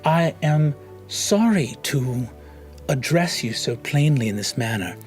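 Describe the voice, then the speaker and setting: A man's voice: medium pitch, animated, slow, soft background music. Sir Cavalier, a man doing a pompous greyhound knight. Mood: courteous. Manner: formal, flowery, grandly courteous.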